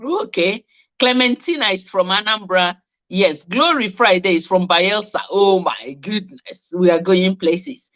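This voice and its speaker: A woman's voice: medium pitch, unhurried, a bit bright. A woman hosting a live stream, reading out viewers' comments in a chatty, teasing way and laughing often. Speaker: host of a live weight-management Q&A.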